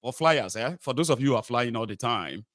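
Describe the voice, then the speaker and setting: A man's voice: medium pitch, lively intonation, brisk, fairly bright tone, no room sound, studio quality. A Nigerian man giving mocking political commentary, switching between a plain talking voice and mocking voices for quotes. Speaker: commentary host.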